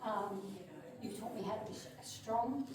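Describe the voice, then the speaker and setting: A woman giving an earnest, heartfelt farewell speech, hesitant and full of pauses. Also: mid-range voice, over music. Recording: echoey room, distant mic, noisy.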